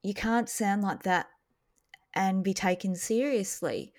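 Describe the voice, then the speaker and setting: A woman co-hosting a podcast, chatting casually and animatedly about a TV episode. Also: medium pitch. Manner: chatty, animated, jumps in with quick reactions. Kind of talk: casual chat.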